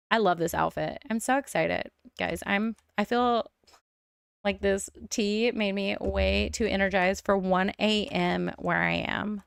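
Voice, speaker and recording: A woman streamer talks her way through a life-sim game in a loose, excitable, thinking-aloud manner. Her voice is smooth and resonant with a gravelly fry underneath. The sound is dry and close. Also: mid-range voice, dry recording. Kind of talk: casual gameplay commentary.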